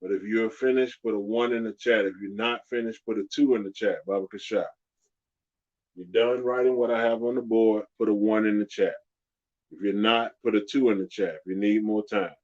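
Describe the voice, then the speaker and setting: A man teaching a live-streamed alphabet lesson, patiently repeating each sound slowly and clearly. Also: lowish voice, steady tone, a little mellow, lo-fi sound. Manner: slow, drawn-out pronunciation drills.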